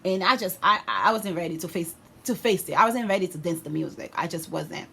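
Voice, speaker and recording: Young woman vlogger, lowish voice, animated slangy storyteller, light background noise. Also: fairly quick, vocal fry. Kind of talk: storytime vlog.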